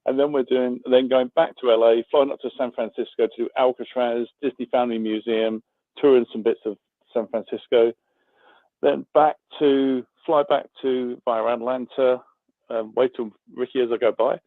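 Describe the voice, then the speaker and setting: A man's voice: medium pitch, fairly even intonation, moderate pace, no echo. British man calling in on a phone line. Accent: British English. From England. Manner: chatty, rambling with many fillers. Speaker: caller. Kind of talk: casual phone call.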